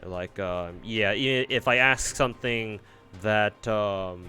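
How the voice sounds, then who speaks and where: A man's voice: on the low side, measured pace, pushed and bright. Rambling man streaming with faint music. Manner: rambling, many fillers and restarts. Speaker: streamer reading a game aloud. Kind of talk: casual live-stream chat.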